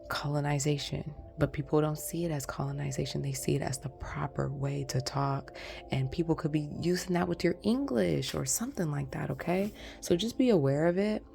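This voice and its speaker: A woman reads tarot cards for her viewers in a loose, rambling, chatty way. Her voice sits low and has a gravelly fry to it. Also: normal speed, dark tone, soft background music. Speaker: tarot reader. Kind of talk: casual pick-a-card tarot reading.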